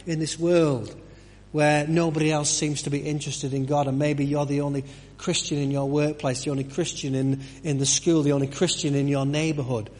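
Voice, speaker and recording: A man's voice: fairly high pitch, a little mellow, big-room sound. A man giving a conversational sermon, full of restarts and rhetorical questions. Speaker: preacher. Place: church.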